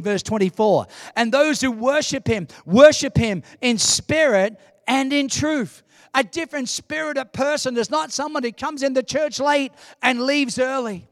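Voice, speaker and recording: A man in his sixties preaching a sermon in church, animated and humorous, with emphatic delivery. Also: extremely high pitch, a little slow, dry recording, clean studio sound. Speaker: pastor.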